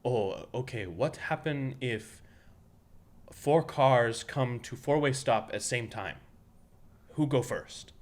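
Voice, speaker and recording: A blunt driving teacher with a clipped, broken way of speaking, as a man puts on his voice. The delivery is flat and matter-of-fact, pitched a little higher than the speaker's usual tone. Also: takes it slowly, full character voice. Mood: stern quizzing. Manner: clipped broken-English phrasing.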